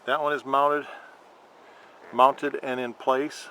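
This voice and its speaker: A man filming a casual how-to vlog about his scooter, rambling and halting with lots of fillers. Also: medium pitch, flat delivery, pushed and bright, a little hiss or hum, poor audio. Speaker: vlogger showing a scooter horn install.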